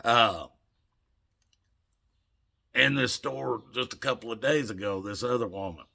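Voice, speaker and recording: A man's voice: medium pitch, measured pace, creaky, sharp tone. An older man, a vlogger, telling rambling, folksy everyday stories straight to his viewers and chuckling along the way. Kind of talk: casual storytelling.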